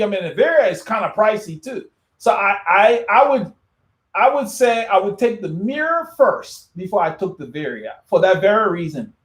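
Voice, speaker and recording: A man with a fairly high voice talks loosely in a casual live chat, answering viewer comments as a cycling channel host. He rambles, doubles back and restarts his sentences. The sound carries an echo from the room. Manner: rambling, repeats words and restarts often.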